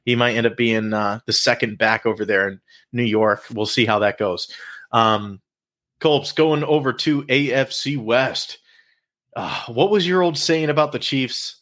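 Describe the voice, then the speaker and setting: A man hosting a sports talk show, playful and animated, stretching out hype calls and joking with his co-host. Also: mid-range voice, a little slow.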